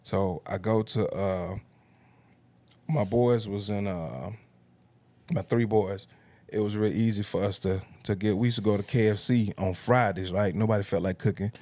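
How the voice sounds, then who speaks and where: A man, telling comic stories on a podcast with laughs and big pitch jumps. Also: fairly even intonation, normal speed, warm tone, dry recording. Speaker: comedian guest. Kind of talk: podcast storytelling.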